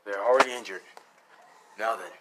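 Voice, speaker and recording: A man voicing a calm, stern adult hero mentor in a fan story, speaking low and measured. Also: very noisy, lightly acted.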